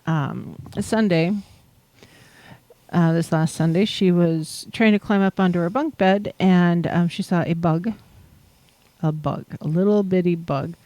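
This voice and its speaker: A woman with a low, mellow voice chats loosely on a livestream, filling her talk with ums and easy laughter. The sound is close and dry, with no room echo. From Pacific Northwest, USA. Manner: rambling, many fillers, laughs easily. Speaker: host. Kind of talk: casual livestream chat about chakras.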